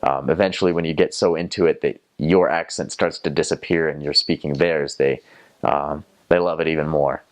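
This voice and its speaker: This young man speaks in a very deep, steady voice at normal speed, with a Southern accent from North Carolina. Chatting casually as a returned missionary, he recounts his mission days and playfully imitates accents.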